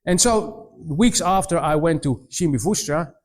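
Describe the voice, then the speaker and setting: A man in his forties giving a missionary presentation to students, telling stories in an animated way, mimicking voices and often restarting his sentences. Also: a little high, a little slow. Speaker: missionary speaker. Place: college presentation room.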